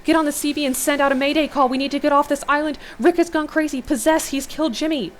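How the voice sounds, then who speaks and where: A woman voicing a panicked young man who shouts frantically into a walkie-talkie in a horror story. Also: high-pitched, steady tone, fast talker, slight background noise, voice pushed up, natural voice. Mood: frantic.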